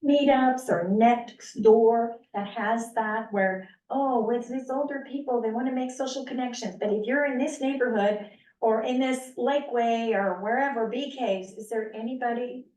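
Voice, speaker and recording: A woman's voice: fairly high pitch, moderate pace, mellow. A woman in the audience asking a question hesitantly, searching for words. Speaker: audience member. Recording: echoey room from far off with light noise.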